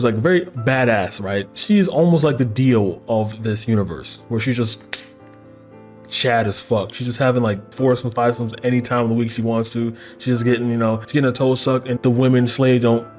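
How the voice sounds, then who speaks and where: A man recapping a show's plot in casual, profane chat at a mid pitch. He stays sarcastic and animated, swearing and tossing off quick mock voices for the characters. Faint music plays behind him. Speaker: anime recap host.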